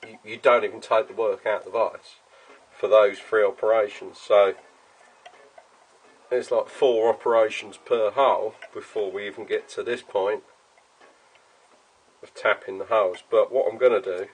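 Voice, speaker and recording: A man's voice: fairly low pitch, breathy edge, rough recording. A man chatting casually while he works in his home garage workshop, explaining each step and swearing now and then. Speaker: workshop maker.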